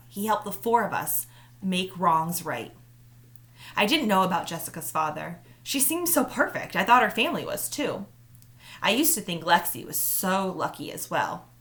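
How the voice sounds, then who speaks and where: A woman teacher reading a children's novel aloud to her students in first-person narration. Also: fairly low pitch. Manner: warm, friendly greeting, then steady narration. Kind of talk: read-aloud storytelling for students.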